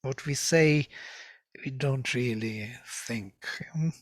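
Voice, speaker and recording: A man teaching a lecture on ancient scripture, speaking deliberately and chanting verses in a measured rhythm. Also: medium pitch, no echo, clean studio sound.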